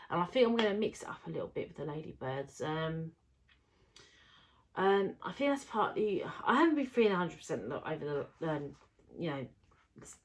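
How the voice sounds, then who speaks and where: A woman's voice: deep voice, slight background noise. A woman talking casually to camera about a crafting project, rambling with lots of fillers and restarts. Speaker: crafting vlogger.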